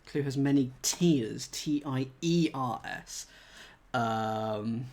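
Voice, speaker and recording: A man's voice: medium pitch, slow pace, darkish tone. A man thinking aloud as he solves a cryptic crossword live, chatting with viewers and laughing at himself. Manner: chatty, reads chat aloud, self-mocking laughs.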